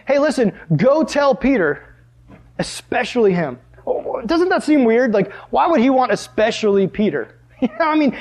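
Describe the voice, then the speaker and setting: A man preaching a sermon to a live audience in church, animated and often asking the crowd questions. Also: a little high, slightly rough. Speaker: pastor.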